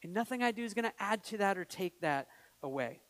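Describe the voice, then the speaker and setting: A man's voice: sits high, expressive, fast, fairly bright tone. A man preaching a sermon as pastor, earnest and building to emphatic peaks, with light laughs between points. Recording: long hall reverb.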